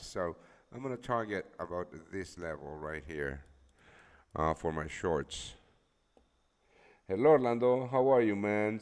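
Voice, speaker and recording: A man's voice: deep voice, big-room sound. A man on a casual live stream, just woken up, rambling and swearing freely with lots of fillers. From El Salvador. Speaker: forex trading streamer.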